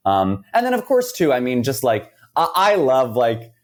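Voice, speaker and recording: A man's voice: medium pitch, huge pitch swings, moderate pace. A man being interviewed as a musical writer, speaking earnestly and casually with many fillers. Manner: enthusiastic, filler-heavy, earnest.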